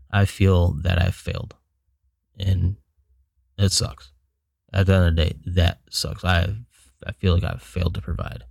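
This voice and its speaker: A man hosting a solo podcast, talking in a frank, rambling way with some profanity and sounding frustrated and low. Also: little pitch movement, normal speed, gravelly, long pauses, darkish tone, no room sound, clean studio sound. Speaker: podcast host.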